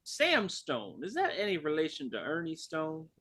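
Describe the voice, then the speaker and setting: A man's voice: a little high, wildly swooping pitch, moderate pace, sharp tone. A man playing a glib, mock-polite character in a tabletop game. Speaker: player. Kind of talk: in-character tabletop role-play.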